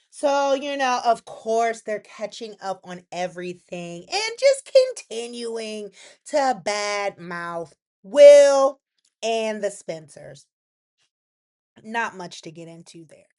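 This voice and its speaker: A woman hosting a casual recap vlog, chatty and opinionated, acting out quotes with sudden jumps in voice. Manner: chatty, animated, acts out characters' quotes in lively pitch jumps; opinionated asides to the viewer. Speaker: soap opera recap host.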